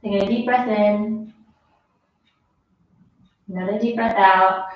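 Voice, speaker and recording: A woman's voice: medium pitch, fairly even intonation, takes it slowly, dull audio. A woman leading a yoga class, out of breath as she gives casual, encouraging cues and counts down the breaths. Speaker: yoga instructor. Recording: very echoey room, mic far off.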